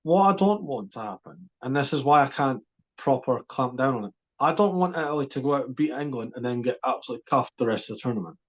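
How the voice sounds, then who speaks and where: A man co-hosting a podcast, chatting about sport in an animated, emphatic way with quick restarts. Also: mid-range voice. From Scotland. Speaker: podcast co-host. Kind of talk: casual sports chat.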